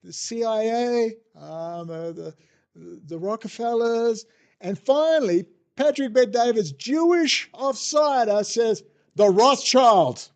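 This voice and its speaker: An Australian man with a rather high voice holds forth in a rambling rant, swearing freely and dripping with sarcasm. He sounds exasperated and scornful as he runs down his targets. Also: takes it slowly, vocal fry, darkish tone. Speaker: political commentator. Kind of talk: ranting monologue. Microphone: desk setup with bookshelf behind.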